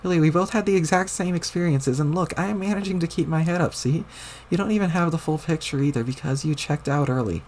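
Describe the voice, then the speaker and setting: A man's voice: on the high side, fast, darkish tone, a little hiss or hum, voice pushed up, lightly acted. A man reading a webcomic aloud, putting on the voice of a bossy, exasperated young girl who scolds and swears. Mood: scolding.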